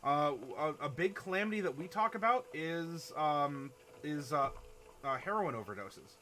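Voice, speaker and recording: Male streamer host, casual and rambling, bright voice pitched slightly high. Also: lively intonation, normal speed. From Ohio. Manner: chatty, rambling, reads chat aloud and laughs often. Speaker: streamer running a worldbuilding workshop. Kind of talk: casual live-stream talk to chat.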